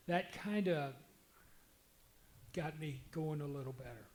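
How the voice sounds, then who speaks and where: A man's voice: fairly high pitch, a little slow, a crowd in the background. An older man, a longtime pastor, telling marriage stories earnestly and with self-deprecating humor. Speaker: retired pastor, panel guest.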